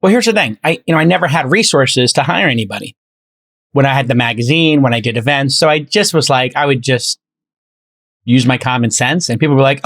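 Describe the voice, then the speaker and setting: A man's voice: medium pitch, brisk, fairly bright tone. A middle-aged man hosting a podcast, telling stories in casual chat and acting out both sides of conversations. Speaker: podcast host.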